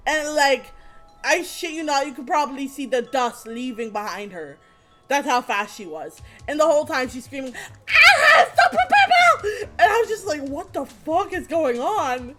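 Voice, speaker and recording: A young woman recounts a chaotic day in a casual storytime, her high voice leaping wide as she laughs and swears. She slips into quick impressions of the people she met. A faint bed of music sits under her talk. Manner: animated, laughing, swearing freely, acts out quotes.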